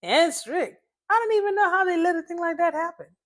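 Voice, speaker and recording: A woman voicing Kid, an excitable, nosy young man in a storybook reading. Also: very high-pitched, fairly quick, pitched above the performer's own voice. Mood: excited.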